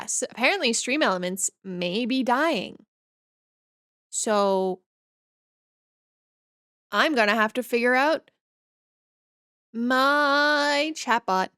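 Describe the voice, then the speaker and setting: A woman streamer from northern Canada talks casually with her viewers in a slightly high voice. She takes her time and rambles along easygoing as she answers chat. The sound is dry and close, with no room echo. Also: takes it slowly, long pauses, sharp tone.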